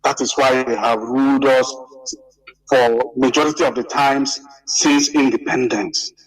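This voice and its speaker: A man makes an impassioned appeal at a deliberate, unhurried pace. He sounds set back from the microphone, on a distant radio-quality line. He repeats his pleas and rises in pitch as he urges listeners. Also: steady tone. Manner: slow, emphatic and repetitive, rising in pitch on pleas. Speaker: guest speaker on a call-in radio broadcast.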